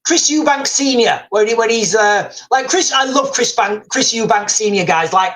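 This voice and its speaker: Rambling excitable man on a livestream. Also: extremely high pitch, normal speed, poor audio. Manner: rambling, excitable, repeats phrases, many fillers. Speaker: livestream host. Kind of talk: casual livestream chat reading viewer comments.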